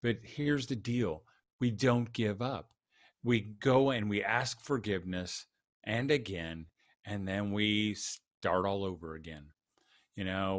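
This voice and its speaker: A middle-aged man, a conference keynote speaker, talking casually in an interview with a humorous, self-deprecating storytelling manner. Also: fairly low pitch.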